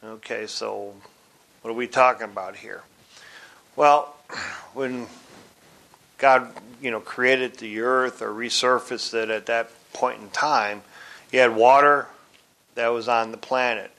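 A man teaching from the Bible in a deliberate, explanatory way, spelling out words letter by letter. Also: mid-range voice, fairly even intonation, bright, forceful tone.

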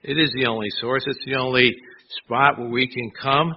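A man delivers a sermon in an easy, conversational manner and keeps checking in with his listeners through rhetorical questions. His voice sits at an ordinary middle pitch for a man. The recording sounds a little dull, with faint noise underneath. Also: fairly even intonation, moderate pace. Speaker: pastor.

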